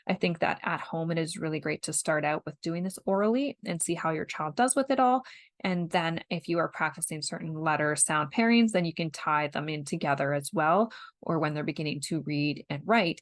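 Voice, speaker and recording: Canadian woman, young adult, parent-educator podcast host, patient step-by-step explainer, lowish voice. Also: normal speed, no echo. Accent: Canadian English. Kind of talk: instructional podcast talk.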